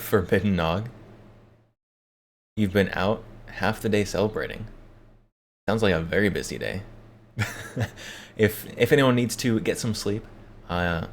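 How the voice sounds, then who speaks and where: Male streamer, very deep voice, relaxed chatty delivery at his desk mic, faint room hum behind. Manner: relaxed, chuckles often, repeats words as he talks. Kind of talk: casual live-stream chat reading viewer messages. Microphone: desk microphone.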